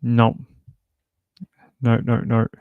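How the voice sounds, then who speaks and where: A man's voice: mid-range voice, completely flat delivery, very slow, clear, resonant tone, no room sound, narrow, tinny audio. A man hosting a true crime livestream from home, chatting casually in a loose, rambling way full of fillers.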